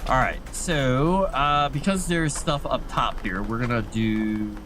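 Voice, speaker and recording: A man's voice: medium pitch, takes it slowly, over music. A man giving goofy, casual commentary while he streams a game. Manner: goofy, chatty. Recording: noisy background.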